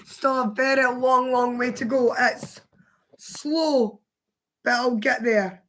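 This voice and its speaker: A Scottish woman speaks in a fairly high voice that has gone hoarse and worn. She chats casually on a livestream, answering her viewers' comments aloud as they come in. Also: fairly even intonation, takes it slowly, a bit bright.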